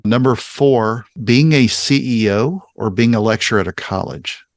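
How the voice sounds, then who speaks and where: A man hosting a podcast, running through interview questions in a brisk, upbeat way. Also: mid-range voice, no room sound, clean studio sound. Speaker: podcast host. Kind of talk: interview host asking questions.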